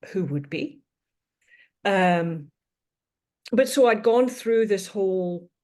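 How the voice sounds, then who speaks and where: A woman in her fifties speaks as a podcast guest, with a somewhat low voice. She tells her story in a thoughtful, reflective way and often circles back to restate a point. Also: darkish tone. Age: 50s.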